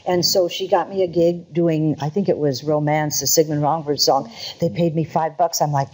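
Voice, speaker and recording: Older woman, very low husky voice. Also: steady tone, normal speed, darkish tone, low-quality recording. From Portland, Oregon. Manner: chatty, wry, laughs at her own stories. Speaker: singer and guest. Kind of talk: conversational interview.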